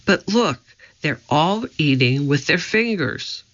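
A man's voice: on the high side, expressive, takes it slowly, fairly bright tone, voice pushed up. Eager young girl, as a male narrator puts her on. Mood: eager whisper. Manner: urgent, bossy whispers. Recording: slightly dull lo-fi audio.

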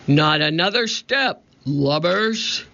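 Gruff storybook pirate captain, gravelly roar, put on by a male reader, dull lo-fi recording. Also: on the high side, lively intonation, slow, bright, forceful tone, pitched above the performer's own voice, heavily acted. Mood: menacing. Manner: growling, roaring pirate talk.

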